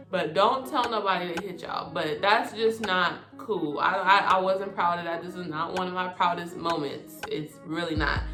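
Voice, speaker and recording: A woman telling a personal story to her viewers in a casual monologue, animated and full of cursing. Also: on the low side. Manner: animated, profane, talks straight to viewers. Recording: echoey room with music behind.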